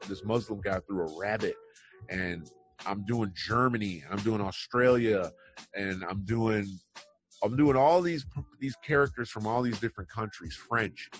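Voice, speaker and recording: A man's voice: on the low side, normal speed, soft background music. A man hosting an online news show, talking casually and rambling through his opinions with wry asides. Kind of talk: casual commentary on news headlines.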